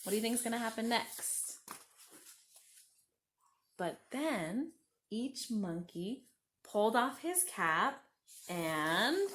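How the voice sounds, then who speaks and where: A woman reading a picture book aloud to children, gently, talking to her listeners as friends and asking them questions. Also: a little high, sing-song, takes it slowly, long pauses. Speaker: children's story reader.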